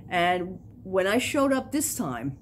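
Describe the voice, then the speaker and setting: Taking it slowly in a voice on the low side, a middle-aged woman tells filler-laden, animated stories in a casual, rambling crafting vlog aimed at the camera. Slight background noise is audible.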